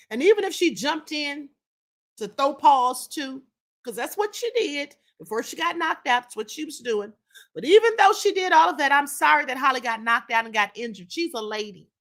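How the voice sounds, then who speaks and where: Here a woman with a high-pitched, bright, forceful voice runs a live-stream commentary show. She hammers her points home by repeating them, speaking bluntly and emphatically right to her chat.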